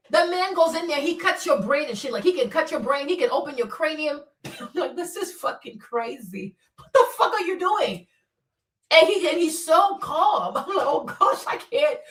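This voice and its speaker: A woman hosting a casual livestream, talking in an animated, profane way that swings between loud outbursts and quiet mutters. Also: high voice, normal speed, recorded from a distance. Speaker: livestream host. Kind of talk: casual unscripted commentary. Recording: roomy echo, voice a bit off-mic.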